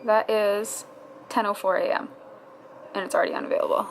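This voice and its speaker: A woman's voice: medium pitch, flat delivery, brisk, slight background noise, low-quality recording. A woman vlogging casually, talking to herself and her viewers, exasperated and swearing as she tries to register online. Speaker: fitness vlogger. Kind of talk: casual vlog commentary.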